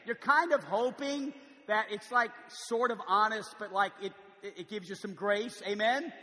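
A man's voice: sits high, normal speed, pushed and bright, big-room sound. A man preaching a sermon in a large church, conversational, with frequent stammered restarts. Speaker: pastor.

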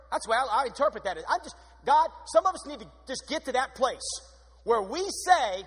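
A man preaching a sermon in an energetic, exuberant way, with sudden swings in pitch. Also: fast talker, slightly rough. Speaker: pastor. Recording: long hall reverb.

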